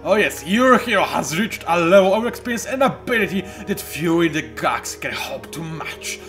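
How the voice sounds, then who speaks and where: A man reading game text in a put-on dramatic announcer voice, slow and drawn out. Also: a little high, lively intonation, a bit bright, soft background music. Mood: grandiose.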